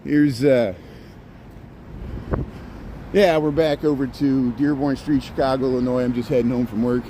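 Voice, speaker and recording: A man's voice: medium pitch, steady tone, normal speed, dark tone, slight background noise. A man chatting casually to his live-stream viewers as he walks outdoors through city streets, rambling and reading out their comments. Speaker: live-streaming walking vlogger.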